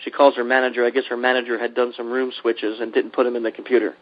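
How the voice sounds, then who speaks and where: A man from Pennsylvania hosts a casual podcast chat. He tells his story with animated energy and acts out the voices of the people in it. The sound is slightly muffled and lo-fi. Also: mid-range voice, quick pace. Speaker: podcast host. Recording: dull lo-fi podcast audio.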